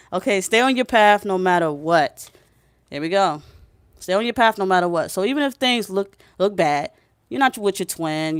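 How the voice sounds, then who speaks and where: Smooth-voiced woman giving blunt spiritual advice. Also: fairly low pitch, no echo. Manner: emphatic, preachy, blunt, swears freely; keeps checking in with the listener. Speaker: spiritual reader. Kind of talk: casual spiritual advice vlog.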